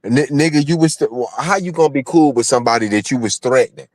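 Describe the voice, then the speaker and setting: A man's voice: medium pitch, fast, no room sound. A man on a livestream in heated, profane chat, bluntly calling out a rival.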